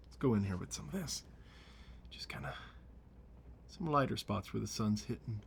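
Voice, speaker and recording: A man hosting a relaxed painting tutorial, talking through each brushstroke and often sinking to a near whisper as he works. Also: lowish voice, moderate pace, gravelly, a little hiss or hum. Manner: soft-spoken, often dropping to a near whisper while working. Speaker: painting show host.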